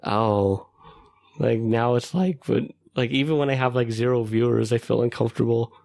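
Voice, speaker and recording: A man's voice: mid-range voice, steady tone, normal speed, creaky, a little mellow. A man co-hosting a podcast in casual chat, rambling with lots of fillers and frequent laughter. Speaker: podcast co-host.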